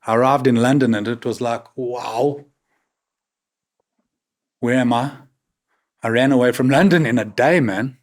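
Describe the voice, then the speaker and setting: With a medium pitch, quick pace and hardly any pauses, a South African man in his fifties speaks frankly as a podcast guest on a talk show. His candid stories are peppered with "man" and "right?".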